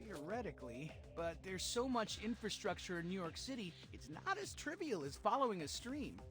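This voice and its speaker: A brainy teen turtle scientist in a game cutscene, with a high voice that swoops lively as he explains. He sounds precise and technical, with a light score underneath. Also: moderate pace, faint music behind. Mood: explaining.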